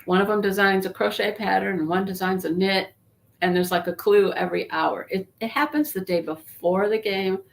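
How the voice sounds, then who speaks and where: A woman's voice: medium pitch, normal speed, creaky. A woman chatting casually to viewers on a live stream, rambling and greeting people by name, while congested from a sinus infection. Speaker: YouTube livestream host.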